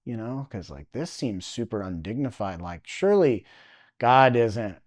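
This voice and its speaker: A man, a podcast guest, telling a personal testimony in an animated, halting way, full of "like" fillers. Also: fairly low pitch.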